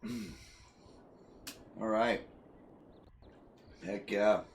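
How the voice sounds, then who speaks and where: A man's voice: lowish voice, steady tone, very slow, slight background noise. A man streaming a city-building game, casually thinking aloud and asking his chat for ideas. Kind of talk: casual gameplay commentary.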